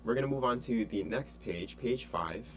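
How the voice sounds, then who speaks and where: A man teaching an online French lesson in a relaxed, chatty way with many fillers. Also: medium pitch, normal speed, a little hiss or hum.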